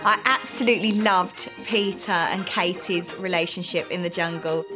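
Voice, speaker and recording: A woman's voice: on the low side, moderate pace, over music. A woman giving gossipy, giggly talking-head commentary.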